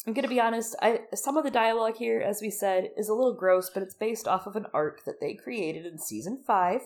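A woman's voice: mid-range voice, fairly quick. A young woman co-hosting a casual podcast, animatedly recapping a TV episode and acting out the characters' lines with laughter. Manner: animated, gushing, acts out quotes with laughs. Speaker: podcast co-host.

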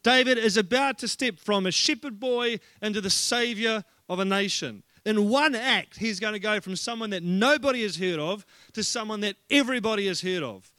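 A male pastor delivering a lively sermon, telling stories with humour and plenty of energy. His voice sits high and sounds bright and forceful. The recording is dry and close, with no audible room sound. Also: normal speed, few pauses, dry recording. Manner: energetic, humorous storytelling.

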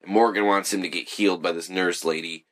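A man's voice: low voice, fairly even intonation, brisk, a bit bright. A young man in casual, rambling chat, swearing freely and laughing often.

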